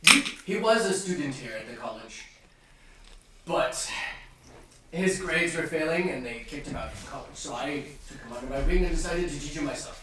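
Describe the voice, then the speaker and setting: A man voicing a flustered, eccentric male wizard with a high, excited, squeaky voice. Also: normal speed, very echoey, distant mic, noisy background, natural voice.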